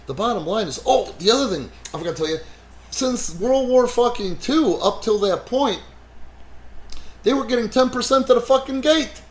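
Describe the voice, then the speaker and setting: A man hosting a wrestling podcast, telling stories in a blunt, profane, animated way with lots of "you know.". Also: extremely high pitch, moderate pace. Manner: animated, swears heavily, frequent "you know". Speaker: wrestling promoter and podcast host. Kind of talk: casual profane podcast storytelling.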